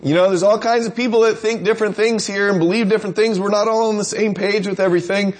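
A man's voice: high voice, steady tone, fast, voice pushed up. A man preacher mimicking a cranky older churchgoer who laments everything in a whiny tone. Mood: gloomy. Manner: whiny, doom-laden complaining.

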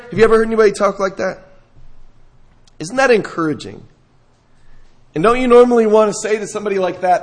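A man preaching a sermon, reading scripture and talking it through, rising to emphatic peaks and dropping low. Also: lively intonation, moderate pace, pauses often. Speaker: pastor.

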